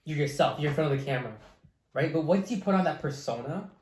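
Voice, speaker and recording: A man's voice: on the high side, fast talker, a little mellow. Laid-back young man in an echoey room. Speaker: podcast host. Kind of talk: casual chat.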